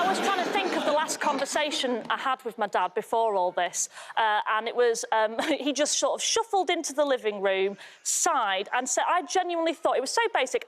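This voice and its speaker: A woman from Yorkshire with a Yorkshire accent, doing a chatty, self-deprecating stand-up routine on a TV panel show, full of ums. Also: fairly high pitch. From Yorkshire, England. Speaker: comedian. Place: TV studio with live audience. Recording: loud studio audience laughter.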